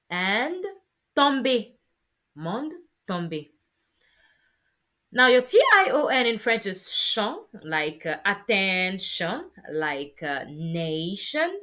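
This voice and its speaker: A woman teaching French sounds in a patient, encouraging lesson, modelling each sound slowly. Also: medium pitch, sharp tone. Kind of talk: spoken lesson on pronunciation.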